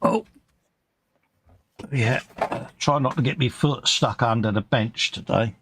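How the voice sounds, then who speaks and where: A man's voice: mid-range voice, slow pace, noisy background. A man from the UK co-hosting a live stream, reading out chat messages in a chummy way and calling everyone mate. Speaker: co-host of a live model-building stream.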